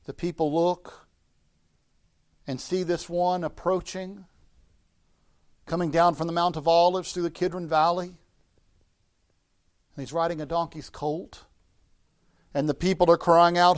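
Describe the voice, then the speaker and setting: High-voiced preaching pastor. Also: male voice, steady tone, unhurried, pauses often. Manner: rising to emphatic preaching, dropping low and soft at phrase ends. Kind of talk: sermon.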